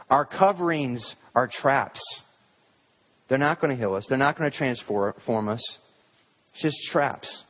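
A man preaching a sermon in a church, talking conversationally and asking the congregation rhetorical questions. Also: medium pitch. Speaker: pastor. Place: church sanctuary. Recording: hall reverb, dull lo-fi sound.

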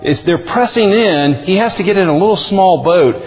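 A male pastor preaching a sermon in an emphatic, animated way. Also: high-pitched, normal speed, faint music behind. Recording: dull lo-fi audio with long hall reverb.

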